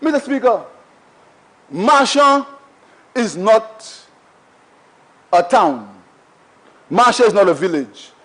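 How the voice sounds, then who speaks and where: A man's voice: high voice, lively intonation, slow pace, pauses often, a bit bright, poor audio. A Saint Lucian man, a member of parliament, giving an emphatic, repetitive debate speech in a parliament chamber while he keeps addressing the Speaker.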